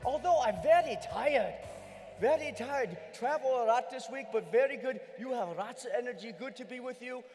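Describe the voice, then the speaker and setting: A man's voice: very high voice, animated, moderate pace, faint music behind. A man putting on a clipped broken-English persona in a big hall. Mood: playful. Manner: clipped broken English, dropped articles, shouting to the crowd. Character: male immigrant persona speaking broken English, playful. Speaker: keynote speaker. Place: large convention hall. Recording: long reverb of a big hall.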